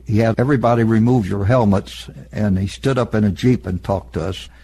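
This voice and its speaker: An elderly man in an oral history interview, recalling past events in a plain, matter-of-fact storytelling way with a husky voice. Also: fairly low pitch, brisk, warm tone. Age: older. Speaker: interviewee, veteran.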